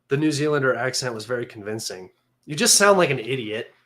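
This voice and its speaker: A man hosting a livestream, talking in a mocking, sarcastic and combative way, excitable and a little manic. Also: medium pitch, fairly quick. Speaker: livestream host. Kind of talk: casual livestream commentary.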